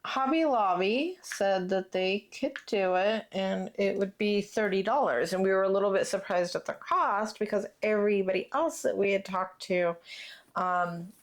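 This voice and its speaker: A woman hosts a relaxed crafting chat on her channel. She talks in a chatty, rambling way, full of ums and likes. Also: mid-range voice, moderate pace. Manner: chatty, plans ahead, lots of fillers. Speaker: channel host. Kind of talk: casual chat while crafting.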